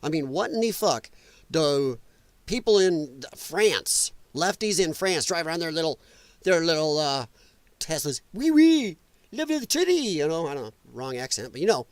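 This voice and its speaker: A man's voice: fairly high pitch, lively intonation, normal speed, no echo. A man hosting a live political commentary show, ranting in an exasperated, mocking and profane way. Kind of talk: live solo political rant.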